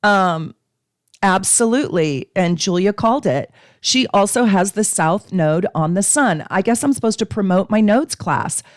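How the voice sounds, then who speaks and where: A woman's voice: medium pitch, expressive, a little slow, dry recording, clean studio sound. A woman hosting a live astrology stream, teaching casually and chatting with viewers, with frequent ums.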